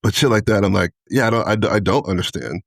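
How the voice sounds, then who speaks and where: Deep voiced guy rattling off a story fast on a podcast, dry close mic. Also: vocal fry, dry recording. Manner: animated storytelling, quotes people in character, heavy swearing, laughs often. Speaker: podcast co-host. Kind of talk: casual chat.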